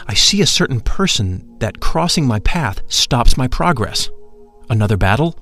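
Guy reading a story slow and reverent, mid-pitched voice, quiet music underneath. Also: big pitch swings. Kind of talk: scripted narration. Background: faint music.

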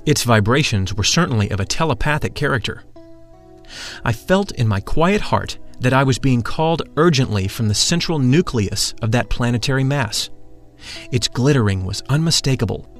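A man giving a measured, solemn scripted narration. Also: medium pitch, animated, fairly bright tone. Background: faint music.

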